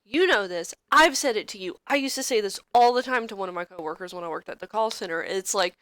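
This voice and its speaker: A young woman talks casually as a podcast co-host, blunt and candid and quick to swear. Her asides ramble, and her voice sits at a middle pitch. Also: lively intonation, a bit bright, no echo. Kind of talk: casual chat. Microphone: podcast microphone, streamed live.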